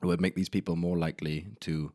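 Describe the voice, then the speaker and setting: Low-voiced young man rambling. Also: level tone, fast, dark tone, no echo, studio quality. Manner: rambling, self-deprecating, casual swearing. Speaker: podcast host. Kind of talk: solo podcast storytelling. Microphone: camera mic in a room.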